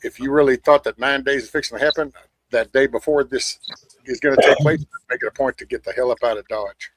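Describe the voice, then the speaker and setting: A man's voice: medium pitch, brisk, a little hiss or hum, poor audio. A man hosting a casual chat, talking bluntly and rambling with plenty of swearing. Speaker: show host.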